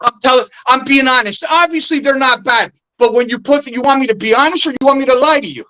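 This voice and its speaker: A man's voice: very high-pitched, quick pace, pushed and bright, poor audio. A man co-hosting a sports talk show in casual banter, rambling and restarting his phrases.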